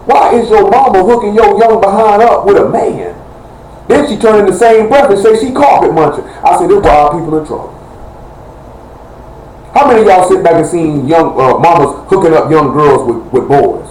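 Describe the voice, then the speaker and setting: A man's voice: sits high, moderate pace, darkish tone. A man preaching a fiery live-streamed sermon in a heated, blunt and rambling colloquial way. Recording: echoey room with faint noise.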